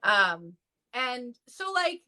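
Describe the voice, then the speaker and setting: A woman's voice: big pitch swings, drawn-out words, bright, forceful tone. A woman talking casually in a livestream discussion, telling stories in a chatty way with many fillers. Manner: acts out quoted voices with jumps in pitch. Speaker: clergy guest in a discussion.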